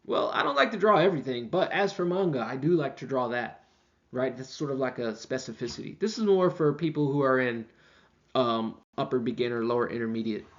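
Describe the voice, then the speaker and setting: A man teaching a beginner language class in a relaxed, chatty way. He slows down and repeats example phrases for the students. The recording sounds dull and lo-fi. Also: medium pitch.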